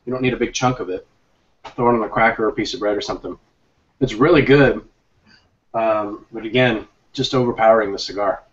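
A man co-hosting a casual tasting chat, laid-back and joking, often clearing his throat. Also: fairly low pitch, brisk, distant mic. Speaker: co-host of a cigar pairing show. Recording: dull lo-fi audio.

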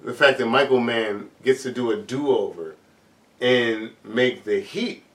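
A man in casual chat about a movie, agreeing often with short quick replies. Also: medium pitch, reverberant, distant mic. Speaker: podcast co-host discussing a movie.

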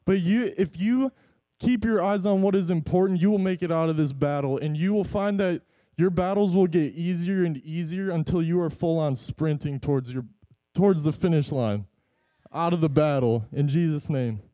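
A man's voice: on the high side, normal speed, mellow, no room sound, low-quality recording. A man giving an earnest, encouraging church devotional talk. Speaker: devotional speaker.

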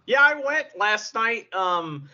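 A man's voice: high voice, big pitch swings, takes it slowly, sharp tone. A man co-hosting a podcast, telling stories in casual chat, laughing often and swearing freely. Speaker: podcast co-host. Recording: lo-fi podcast audio.

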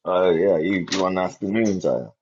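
A man's voice: deep voice, moderate pace, a little mellow, breathy edge, highs cut off. A man chatting on a casual online show, teasing and swearing between laughs. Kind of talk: casual chat.

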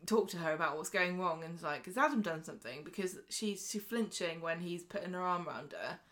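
A British woman co-hosting a podcast, briskly retelling soap episodes and acting out the characters' lines in casual chat. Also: fairly low pitch, animated, a bit bright. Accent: British English. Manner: brisk storytelling recap, acting out quotes. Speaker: podcast co-host.

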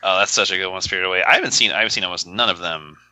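A man's voice: deep voice, rapid-fire, pushed and bright, dry recording. A man co-hosting a podcast, chatting casually in a rambling, playful way. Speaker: podcast co-host. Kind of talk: casual chat.

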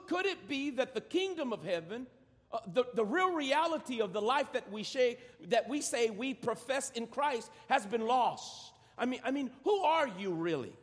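High-voiced pastor preaching in a reverberant hall. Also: male voice. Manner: repeats words when starting a phrase. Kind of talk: sermon. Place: large church sanctuary.

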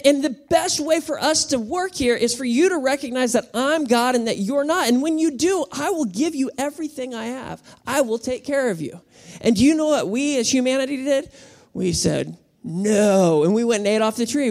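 Animated woman preaching a sermon. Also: high-pitched, fairly quick. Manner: animated, playful, calls the congregation to respond. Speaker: pastor. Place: church auditorium with congregation.

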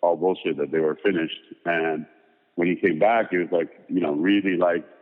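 A man's voice: low voice, steady tone, normal speed. A man, a photographer and designer, being interviewed and telling long casual stories full of fillers. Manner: rambling, filler-heavy anecdotes. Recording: tinny phone-like sound with long reverb.

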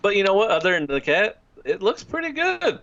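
A man in casual chat as a podcast co-host, excitable and quick to laugh. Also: high voice. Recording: dull lo-fi recording.

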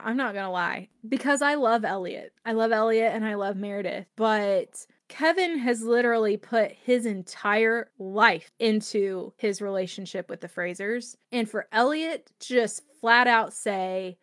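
A woman hosting a book podcast, chatting casually and expressively about a novel, opinionated and quick to laugh. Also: a little high, expressive, dry recording, clean studio sound. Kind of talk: casual solo book discussion.

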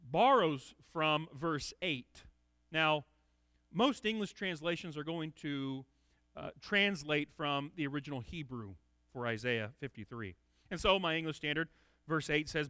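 A man's voice: on the high side, expressive, normal speed, pushed and bright, no room sound. A man giving an expository sermon in an earnest, emphatic way, often repeating words as he restarts. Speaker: preacher.

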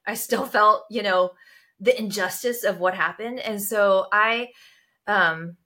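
A woman speaks with a bright, forceful voice at a middling pitch as a podcast guest. She tells her personal story with animation and leaps sharply upward in pitch whenever she quotes herself. The talk is relaxed conversation rather than a speech. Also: takes it slowly. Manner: animated storyteller who jumps to high pitch when quoting herself.

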